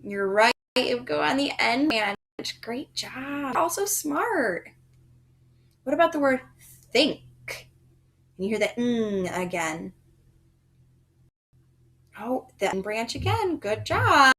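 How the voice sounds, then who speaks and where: A woman's voice: on the high side, sing-song, fairly bright tone. A woman teaching a first grade reading lesson, praising often and explaining sounds and words patiently for young children. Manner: slow, sing-song and encouraging, with frequent praise.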